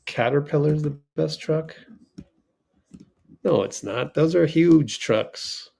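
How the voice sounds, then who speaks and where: A man hosting a fan watch party stream, giving casual play-by-play, reacting loudly to plays and reading the chat aloud. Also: a little high, slow, creaky.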